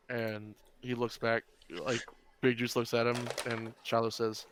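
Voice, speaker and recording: A man's voice: medium pitch, completely flat delivery, unhurried, clear, resonant tone. A young man narrating as game master, casual and rambling. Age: young adult.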